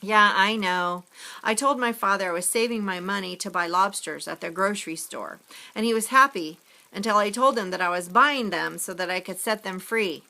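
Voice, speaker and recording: A woman's voice: mid-range voice, normal speed, vocal fry. A woman reading aloud as an eager, jokey young boy, the son of a fisherman. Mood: cheerful. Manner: excited, jokey.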